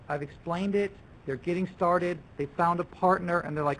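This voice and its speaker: A man's voice: on the high side, steady tone, moderate pace, few pauses, fairly bright tone, a little hiss or hum, rough recording. A man leading a workshop for language teachers, talking loosely with restarts and acting out what students and teachers say. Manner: conversational, with many restarts and acted-out student quotes. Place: lecture room.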